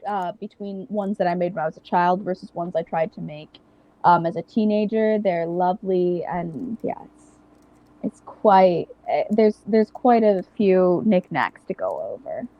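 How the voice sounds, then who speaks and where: A woman's voice: lowish voice, lively intonation, a little slow, lo-fi sound. A woman co-hosting a casual chat podcast, talking hesitantly with many fillers. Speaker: podcast co-host.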